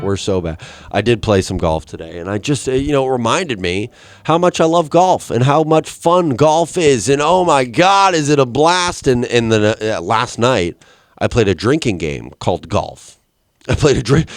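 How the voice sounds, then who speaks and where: A young man hosting a casual solo podcast, telling a rambling, profane story and jumping into high, excited quoted voices. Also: moderate pace, dry recording, soft background music. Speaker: podcast host.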